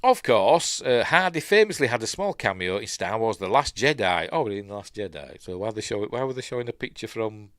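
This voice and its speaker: A Yorkshire man hosts a casual live stream in a low, lively voice that swings up and down. He rambles, reading news and viewer comments aloud between his own asides. The sound is close and dry. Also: a little fast, hardly any pauses, dry recording. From Yorkshire, England.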